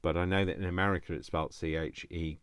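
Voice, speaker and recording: Excitable deep-voiced British man. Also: fast talker, smooth, no echo. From United Kingdom. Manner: rambling, excitable, over-explains. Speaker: crafting vlogger. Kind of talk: casual chat opening mail.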